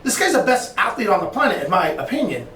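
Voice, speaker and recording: A man speaking as a podcast guest, lively and animated, with a melodic voice that rises and falls a lot. He restarts and repeats phrases as he talks. The room rings with echo, and he sits a little away from the microphone. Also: sits high, distant mic, a little hiss or hum. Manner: animated storyteller, quick restarts and repetitions. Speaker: podcast guest, entrepreneur and business coach. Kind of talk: casual podcast conversation. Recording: echoey room, voice a bit off-mic.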